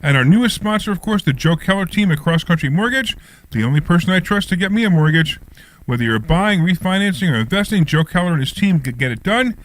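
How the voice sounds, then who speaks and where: A man's voice: high voice, animated, fast. A man hosting a radio talk show, reading sponsor spots and trading teasing banter with his co-hosts in the studio.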